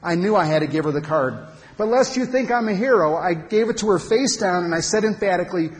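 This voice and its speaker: High-voiced man telling a story in a hall. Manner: animated, emphatic storytelling with dramatic pauses. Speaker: speaker at a men's conference. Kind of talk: storytelling talk to an audience. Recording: long hall reverb.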